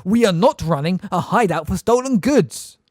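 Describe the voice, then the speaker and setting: A man voicing a furious middle-aged mother, shouting at the top of her voice. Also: high voice, animated, slow, dry recording, studio quality, voice pushed up, full character voice.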